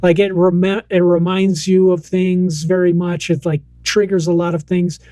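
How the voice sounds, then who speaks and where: A man with a fairly high voice co-hosts a casual podcast chat, telling stories in an animated way and acting out what people said. The sound is dry and close, with no room around it. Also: normal speed, no echo. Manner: animated storyteller, acts out quotes. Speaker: podcast co-host.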